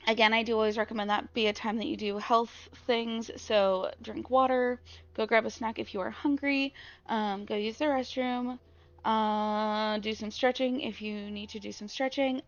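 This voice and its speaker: Excitable swearing woman streamer. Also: a little high, dull audio. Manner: profane, jumpy and excitable. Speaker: live streamer. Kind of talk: casual gameplay commentary.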